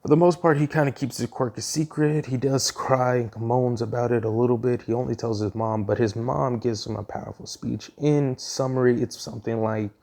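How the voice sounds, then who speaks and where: A man's voice: mid-range voice, steady tone, moderate pace, creaky, few pauses, darkish tone. A man casually retelling his own fan story, rambling with frequent ums and restarts.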